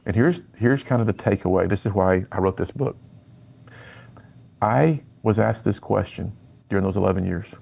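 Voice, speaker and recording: Middle-aged man, radio guest, earnest storytelling, very gravelly, husky, low-pitched. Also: moderate pace. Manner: earnest, animated, acts out quoted lines. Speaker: radio guest, speaker to students. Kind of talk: personal storytelling in an interview.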